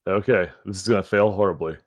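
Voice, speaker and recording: A man playing a tabletop game, easygoing and quick to laugh. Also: deep voice, fairly even intonation, dry recording, clean studio sound. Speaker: player. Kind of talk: casual tabletop game chat.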